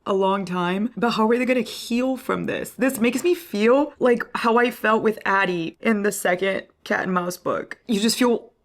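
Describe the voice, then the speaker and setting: A woman's voice: medium pitch, moderate pace, few pauses. A young woman reading and gushing in a casual, emotional book vlog, swearing freely. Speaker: book vlogger.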